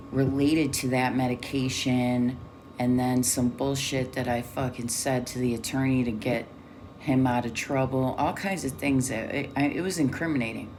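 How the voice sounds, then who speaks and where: Casting note: woman with a very deep voice, blunt and profane, candid personal storytelling. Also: darkish tone, slight background noise. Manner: blunt, swears often. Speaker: vlogger.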